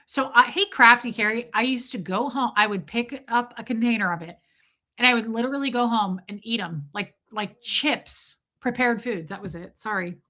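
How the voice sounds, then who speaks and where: A woman in her forties telling candid, rambling stories on a casual live stream, slipping into quick impressions of the people in them. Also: a little high, sharp tone. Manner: candid, rambling storyteller, does voices of people.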